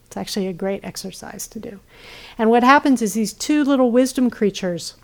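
A woman meditation teacher giving a gentle dharma talk, often checking in with listeners and trailing off softly. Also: fairly high pitch, fairly quick, vocal fry. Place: retreat center.

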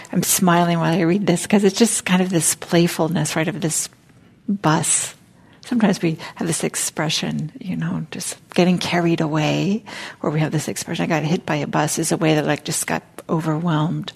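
A woman meditation teacher gives a dharma talk, her words soft and halting and often close to a whisper. Her voice sits fairly low with a gravelly, husky texture. She speaks at a meditation center. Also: steady tone.

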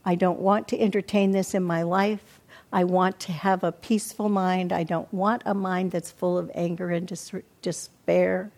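Older woman, meditation teacher, calm reflective dharma talk, acts out inner self-talk. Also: lowish voice, normal speed. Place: meditation hall.

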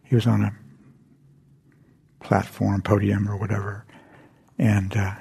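Older man, dharma talk; dark, raspy voice, halting and soft-spoken. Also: fairly low pitch, completely flat delivery. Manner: gentle, halting storytelling with frequent whispered asides. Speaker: meditation teacher. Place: meditation center hall.

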